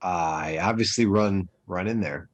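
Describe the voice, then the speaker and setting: A man's voice: low-pitched, unhurried, lo-fi sound. A man playing a tabletop game, eagerly asking the game master questions. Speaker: player. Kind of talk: casual tabletop play. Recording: noisy line.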